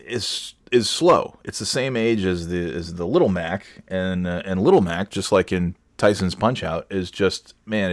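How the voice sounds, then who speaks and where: Male solo podcast host, lowish voice, sarcastic and rambling, lots of fillers, dry recording. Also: no room sound. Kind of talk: casual solo monologue.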